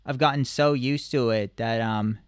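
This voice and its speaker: A man, a stand-up comedian, chatting as a radio guest, hesitant and filling pauses with "um" as he thinks aloud. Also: mid-range voice, fairly even intonation, clear, resonant tone, dry recording, studio quality. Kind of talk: casual chat.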